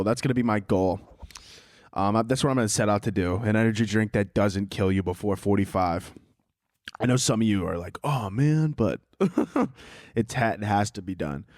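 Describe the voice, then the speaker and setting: A man hosts a solo podcast in a fairly low, slightly mellow voice, talking fairly quickly. The recording is dry with clean studio sound as he rants casually, sarcastic and profane, laughing at his own jokes.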